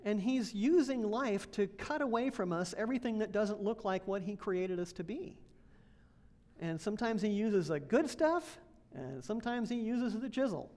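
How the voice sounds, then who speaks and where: Lady pastor giving a relaxed sermon in church, chatty, laughs a bit. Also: mid-range voice, moderate pace. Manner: conversational, laughs often, asks congregation questions. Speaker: associate pastor.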